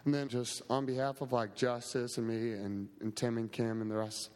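Man, camp staff member, casual grateful testimony, filler words, mid pitch, long hall reverb. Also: flat delivery, normal speed, darkish tone. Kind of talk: testimony to a congregation.

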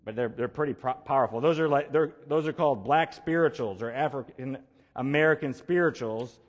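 A man's voice: mid-range voice, brisk. Man preaching in a long-reverb hall. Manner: conversational preaching with emphatic repetition. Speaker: pastor. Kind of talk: sermon.

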